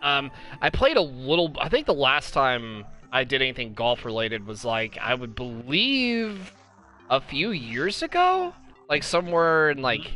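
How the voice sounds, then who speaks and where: A young man hosts a casual live-stream podcast in a bright, forceful voice. He rambles with enthusiasm, full of fillers and restarts. Faint music plays softly behind him. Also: medium pitch, huge pitch swings, unhurried. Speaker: podcast host.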